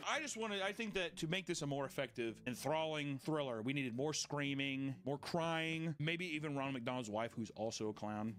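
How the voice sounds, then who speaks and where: A man's voice: on the high side, normal speed, few pauses, a bit bright. A man giving comedic reaction commentary, sarcastic and profane, often slipping into jokey voices. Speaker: commentary host.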